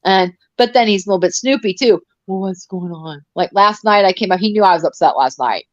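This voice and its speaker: A woman's voice: medium pitch, fast, no echo. Rambling sarcastic woman, dull dry audio. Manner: rambling, sarcastic, many restarts. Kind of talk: casual live-stream chat.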